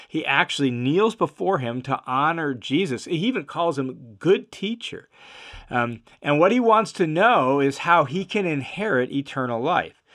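A man's voice: fairly high pitch, a bit bright. A man teaching through a Bible passage verse by verse, in an earnest and emphatic explaining manner.

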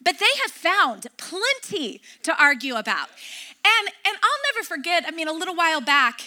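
A woman's voice: very high voice, sing-song, normal speed, pushed and bright. A middle-aged woman pastor preaching a sermon, emphatic and repeating key phrases.

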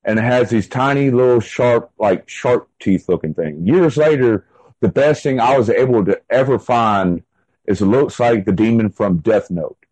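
A man's voice: medium pitch, moderate pace, darkish tone. A man with a mid-range voice tells a long personal story as an interview guest. He talks casually and rambles, leaning on fillers like "like" and restarting his sentences. The recording is dry, with no room echo.

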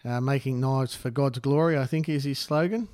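A man's voice: mid-range voice, steady tone, moderate pace, a little mellow, no room sound. Easygoing man, dry sound. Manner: easygoing, says mate, laughs often. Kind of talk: casual chat.

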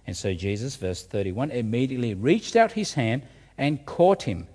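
Preacher man with a husky voice in a reverberant hall. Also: medium pitch, moderate pace. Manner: expressive, rhetorical questions, repeats words. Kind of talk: sermon.

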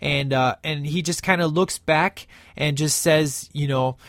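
A man's voice: fairly high pitch, fairly even intonation, unhurried, fairly bright tone, no echo. A man giving a casual, enthusiastic movie review, rambling with many fillers and restarts.

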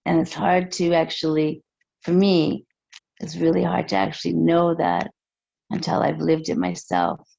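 A woman speaking as a podcast guest, slow and reflective, with hesitant pauses. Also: sits low, creaky, dark tone, no echo. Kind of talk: casual interview chat. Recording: dull muffled lo-fi sound.

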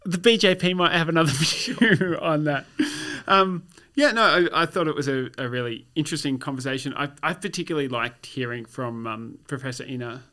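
A man's voice: fairly high pitch, fairly quick, few pauses, sharp tone. A man co-hosting a casual podcast, talking in a thoughtful, hesitant way with dry asides. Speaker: podcast co-host. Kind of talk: casual conversation.

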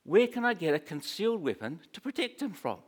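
A man's voice: high-pitched, very animated, a little fast, pitched above the performer's own voice. A man voicing an impulsive fisherman disciple who coaxes and persuades like a spin doctor. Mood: anxious. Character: eager impulsive male fisherman disciple, pushy adviser.

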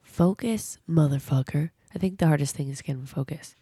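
A woman's voice: sits low, fast, mellow, slightly rough, dry recording, studio quality. A woman co-hosting a podcast in casual, teasing chat with a blunt edge. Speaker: podcast co-host.

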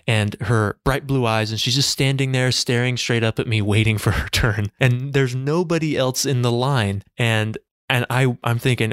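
A man's voice: on the low side, fairly even intonation, brisk, fairly bright tone, smooth, no echo, studio quality. A man hosting a podcast, telling a personal story in an earnest, conversational way and checking in with the listener. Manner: earnest, conversational, frequent restarts and "okay" check-ins. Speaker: podcast host.

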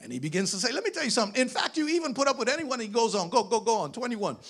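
A man preaching a sermon, reading scripture aloud and urging the congregation on, building to shouts. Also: very high-pitched, sing-song, very fast. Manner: reads scripture aloud, asks congregation to read on, rising to shouts.

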